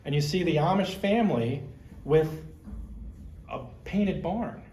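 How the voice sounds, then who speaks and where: A man's voice: a little high, expressive, a little slow, a little mellow, reverberant, a little hiss or hum. A man giving a conversational history lecture as a museum curator, explaining with slides and personal asides.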